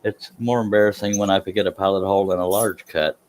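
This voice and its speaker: A man chatting casually on a live stream while doing scroll saw work in a workshop, relaxed and self-deprecating, with a low, soothing voice. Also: fast talker.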